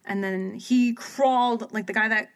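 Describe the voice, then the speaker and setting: A woman's voice: fairly high pitch, fairly even intonation, measured pace. A woman talking casually with a friend, winding through a long story. She fills it with "like" and restarts, and she acts out quotes in her own voice. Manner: rambling storyteller, heavy use of "like", acts out quotes. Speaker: podcast co-host recapping a paranormal TV episode. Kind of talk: casual chat.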